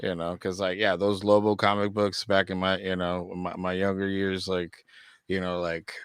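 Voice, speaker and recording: A man's voice: sits low, monotone, normal speed, clear, resonant tone, no echo, clean studio sound. A man hosting a podcast in casual chat, rambling with many fillers and laughing easily. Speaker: podcast host.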